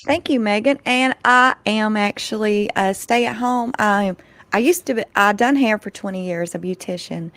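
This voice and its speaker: A woman's voice: mid-range voice, moderate pace, fairly bright tone, no echo. Folksy woman, comforting. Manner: comforting, folksy, calls people honey. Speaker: panel guest.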